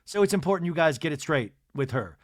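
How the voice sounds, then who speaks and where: Man putting on a calm earnest reality-show woman, low, soothing, insistent. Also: fast talker, no room sound, studio quality, lightly acted.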